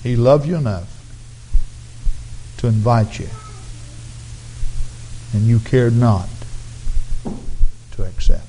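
A man preaching an altar call, his raspy voice earnestly pleading with the congregation to come forward. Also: medium pitch, takes it slowly, long pauses, mellow, slight background noise, poor audio. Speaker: pastor. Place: church sanctuary.

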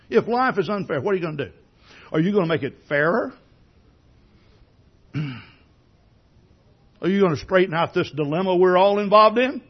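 Lively husky male pastor preaching. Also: high-pitched, moderate pace, long pauses, dull audio. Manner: conversational preaching with many rhetorical questions; repeats words when starting sentences. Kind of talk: sermon.

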